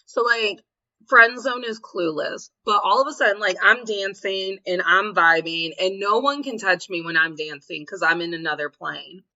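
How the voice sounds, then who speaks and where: A woman's voice: mid-range voice, moderate pace, bright, forceful tone, muffled recording. A woman co-hosting a podcast, telling bawdy stories with giggles and acted-out quotes. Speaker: podcast co-host. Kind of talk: candid storytelling chat.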